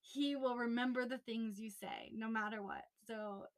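A young woman co-hosting a podcast, telling a story in a chatty, animated way, full of "like" and laughter, recorded in a small closet. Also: on the high side, normal speed. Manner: animated, laughing, lots of "like" fillers. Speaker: podcast co-host. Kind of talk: casual storytelling chat.

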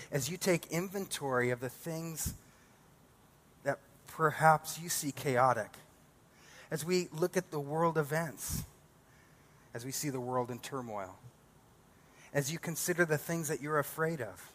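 A man's voice: mid-range voice, fairly bright tone. A male pastor preaching a sermon, building emphatic repeated declarations.

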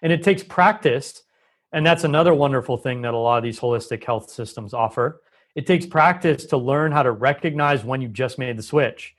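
A man on a podcast explaining health ideas at length, lively and talkative, often acting out quoted voices. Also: medium pitch, moderate pace, slightly rough. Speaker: guest expert on holistic health. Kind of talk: conversational podcast interview.

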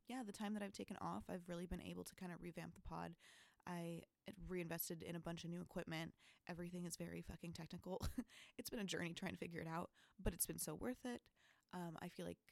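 A woman's voice: on the low side, gravelly, no room sound. A young woman hosting a casual podcast, bubbly and full of fillers and casual swearing, with a sleepy voice. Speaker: podcast host. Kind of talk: casual chat. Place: at home, sitting on the floor.

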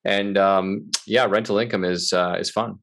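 A man co-hosting a podcast as a mortgage broker, talking in a chatty, energetic way and wrapping up with a sales-minded sign-off. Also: on the low side, normal speed. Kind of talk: casual podcast talk.

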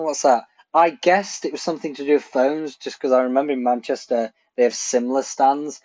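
A man's voice: medium pitch, darkish tone. A man hosting a marketing show, telling a story casually with lots of fillers and frequent laughter. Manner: chatty, laughs often, many fillers. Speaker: marketing podcast host. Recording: slightly dull lo-fi audio.

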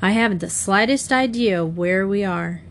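A woman's voice: mid-range voice, moderate pace, slight background noise, close to an everyday voice. A woman reading aloud voices a practical teenage boy in a plain, matter-of-fact tone close to her own voice. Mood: serious. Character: level-headed teenage boy, practical leader.

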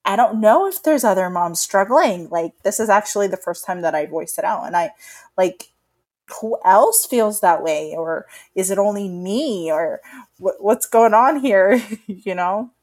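With a medium-pitched voice that runs a little slow, a young adult woman opens up about motherhood as co-host of a casual podcast. Her retelling is animated and confessional, the talk candid and relaxed.

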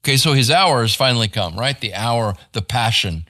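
Bright-voiced pastor teaching a Bible class. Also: male voice, medium pitch, animated, normal speed. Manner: conversational, checks in with the class with "right?".

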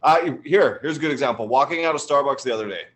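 A man's voice: medium pitch, quick pace, fairly bright tone, a little hiss or hum. A man in a casual chat, telling irritated, rambling anecdotes. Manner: annoyed, rambling anecdotes with restarts.

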